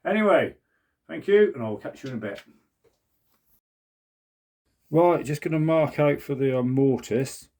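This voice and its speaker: A British woodworking vlogger in his sixties chats to a camera on a mount while working in a small, cluttered shed, keeping up a rambling running commentary to himself. His voice is dark and mellow yet on the high side, with lively intonation, a slightly slow pace and long pauses.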